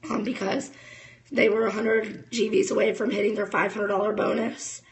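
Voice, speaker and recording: A woman's voice: medium pitch, flat delivery, normal speed, low-quality recording. A woman in her thirties giving a casual, fired-up motivational talk to camera as a network marketing distributor, chatting straight to her viewers.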